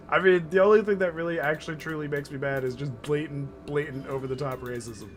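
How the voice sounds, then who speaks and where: A man's voice: on the high side, steady tone, brisk. A man streaming a video game, chatting and joking with viewers in a loose, laughing way. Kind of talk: casual live-stream commentary. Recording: game music under the voice.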